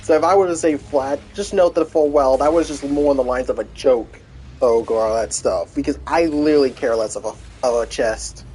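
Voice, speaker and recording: A man's voice: medium pitch, fairly quick, darkish tone, slight background noise. Rambling man chatting on a game stream. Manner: rambling, full of restarts and fillers. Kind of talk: casual gaming stream chat.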